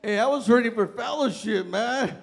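Middle-aged male pastor with a high voice, preaching through loose, chatty personal anecdotes. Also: moderate pace, vocal fry. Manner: casual, colloquial storytelling with frequent "man" and "right?". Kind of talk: sermon with humorous personal stories. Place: church sanctuary.

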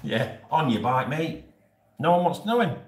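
A forties-aged Yorkshireman with a slightly high voice and big pitch swings speaks at normal speed while hosting a casual live stream. Jokey and rambling, he laughs a lot with his viewers, and the recording has a roomy echo.

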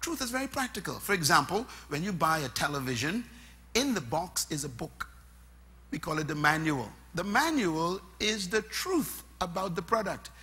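A man preaching a sermon, emphatic and point by point, swinging between loud bursts and soft asides. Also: on the high side, sing-song, normal speed, husky.

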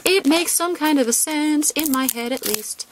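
A woman chatting casually and excitably as she opens card packs for her channel. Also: sits high, moderate pace, noisy background. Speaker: trading card YouTuber. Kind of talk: casual chat while opening card packs.

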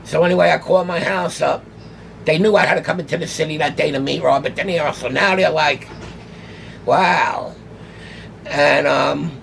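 An older New man with a deeply gravelly, rough voice spins a casual story, jumping into the voices of the people in it. He sits a little high in his register, and a faint hum of room ambience sits under him. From New York City. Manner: animated, acts out quoted dialogue. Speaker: guest, autograph collector.

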